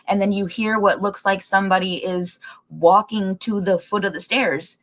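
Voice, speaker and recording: A woman chatting live with her viewers in a slightly low voice. She rambles and thinks out loud, packing her talk with fillers and casual swearing. She sounds excitable and easygoing. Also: a little fast. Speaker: livestream host. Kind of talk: casual livestream chat with viewers.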